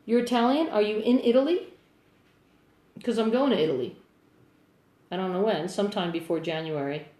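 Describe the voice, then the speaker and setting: A middle-aged woman with a New Jersey accent talks in a loose, rambling, upbeat way, answering viewer comments. Her voice sits at a middling pitch. It is picked up by a phone inside an echoey room. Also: moderate pace, pauses often, mellow. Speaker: singer-songwriter live-streaming. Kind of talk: casual live-stream chat answering viewer comments. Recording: roomy echo on a phone mic.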